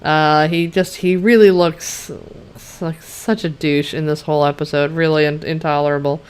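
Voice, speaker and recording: A woman's voice: sits low, steady tone, normal speed, a little mellow, smooth. A woman reviewing a TV show in a casual, blunt and sarcastic rant, swearing freely and filling her talk with chatty asides. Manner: chatty, many "you know" and "like" asides. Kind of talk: casual rant recapping an episode.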